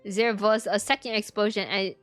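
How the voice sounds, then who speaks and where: A woman's voice: mid-range voice, fairly even intonation, normal speed, faint music behind, close to an everyday voice. A woman voicing a spoiled, boastful young boy prince with a put-on French-like accent and stiff, whiny broken English. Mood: haughty. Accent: put-on French-like foreign accent.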